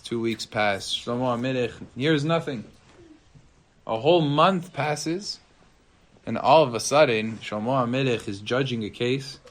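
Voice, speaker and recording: A man, a rabbi, telling a story to listeners with animated, dramatic swings of pitch and loudness.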